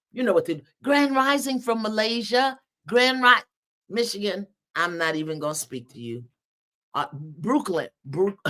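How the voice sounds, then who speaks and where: An older woman hosting a live stream, exuberantly greeting viewers and calling out their cities. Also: mid-range voice. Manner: lively, exuberant, calls out cities. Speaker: host of a livestream.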